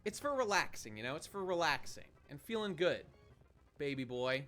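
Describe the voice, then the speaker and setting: A man's voice: fairly high pitch, sing-song, normal speed, sharp tone, faint music behind. A man streaming a game and chatting with his viewers in a rambling, profane way, often restarting his sentences. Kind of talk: casual live-stream commentary.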